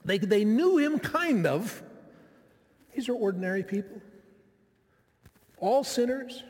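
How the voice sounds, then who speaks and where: A man's voice: high voice, animated, slow, a little mellow, long reverb tail. A man preaching a sermon in a reflective, conversational way, often turning to his listeners with asides.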